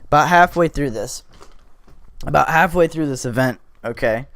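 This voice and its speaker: A man hosting a podcast, telling a story in a casual, animated way, swearing freely and getting louder as it builds. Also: fairly high pitch, moderate pace, a little hiss or hum. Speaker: podcast host.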